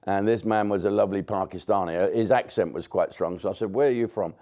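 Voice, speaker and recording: Blunt older English comedian, dark low voice. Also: male voice, fairly even intonation, fast talker. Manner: blunt, rambling, sweary. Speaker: comedian commentator. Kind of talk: casual monologue to camera.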